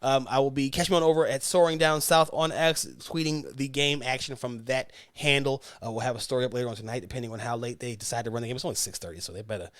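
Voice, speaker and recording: A man's voice: medium pitch, fairly even intonation, quick pace, hardly any pauses, no echo, clean studio sound. A man hosting a sports podcast, talking casually and with strong opinions, rambling a bit and correcting himself as he goes. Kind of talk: casual sports talk monologue.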